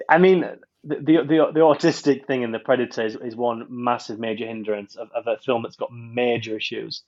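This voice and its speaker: A man's voice: medium pitch, steady tone, normal speed, a little mellow, dull audio. A man reviewing a film on a podcast in casual chat, rambling with many restarts.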